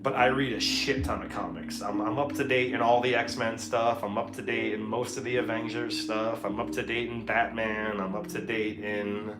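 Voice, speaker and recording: A man's voice: fairly low pitch, fairly even intonation, moderate pace, hardly any pauses. A man chatting loosely and rambling on a live stream while he paints, with frequent swearing. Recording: echoey room with music in the background.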